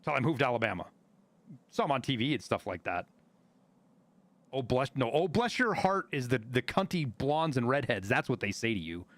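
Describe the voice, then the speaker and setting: A man from Montana, a streamer telling stories in casual chat, animated and full of swearing. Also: medium pitch, fast, dry recording. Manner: profane, animated storyteller.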